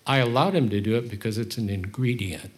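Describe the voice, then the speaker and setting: A man voicing God as a gentle, comforting presence speaking to a believer, in a calm, reassuring way. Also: lowish voice, a little fast, pitched below the performer's own voice, lightly acted.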